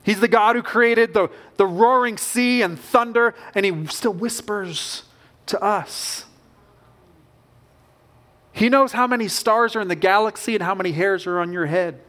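A man's voice: high-pitched, fairly bright tone. A man preaching a sermon as pastor, earnest and emphatic, with rising bursts of conviction.

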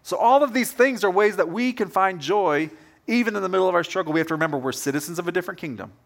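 High-voiced pastor preaching casually. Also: male voice, expressive, fast, gravelly. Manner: casual, anecdotal, direct address to congregation. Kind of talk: conversational sermon. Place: church service.

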